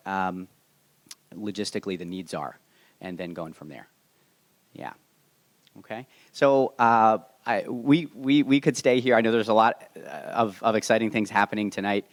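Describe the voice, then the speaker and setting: A man moderating a live panel Q&A, casual and halting, with many restarts. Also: lowish voice, no echo.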